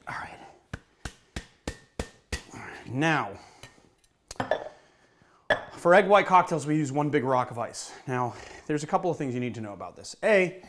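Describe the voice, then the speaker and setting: This cocktail show host, a bartender, speaks unhurriedly with long pauses, a highish voice, and lively intonation, over slight background noise. He chats easily and pokes fun at himself while shaking and mixing drinks, slightly winded.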